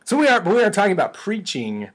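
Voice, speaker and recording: Husky-voiced West Texas man, lively. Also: high voice. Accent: West Texas drawl. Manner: good-humored, quick to laugh. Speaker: podcast co-host and book author. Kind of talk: casual podcast chat.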